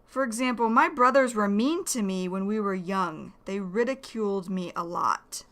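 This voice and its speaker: A woman from the United States teaching English vocabulary, speaking deliberately and repeating key words for learners. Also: mid-range voice, animated, fairly bright tone. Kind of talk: slow explanatory vocabulary lesson.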